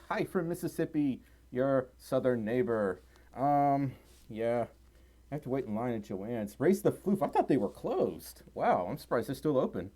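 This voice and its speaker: Lively, giggly streamer in a fursuit. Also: medium pitch. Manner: rambling and giggly, reads viewer messages aloud. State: tired and a little out of breath. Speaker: livestream host reading chat and donations. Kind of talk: casual livestream chat. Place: at home at a desk with microphone and keyboard. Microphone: desk microphone close by.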